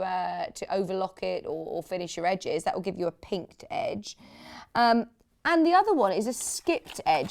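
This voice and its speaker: In a TV studio, a British woman presents sewing products on a live shopping channel. Her mid-range voice is gravelly and a little mellow, and she chats enthusiastically while gushing over fabrics.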